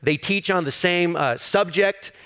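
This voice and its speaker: A man's voice: high-pitched, measured pace, bright, forceful tone, clear, resonant tone. A middle-aged man, a campus pastor, preaching a sermon in an easy storytelling way with self-deprecating humor.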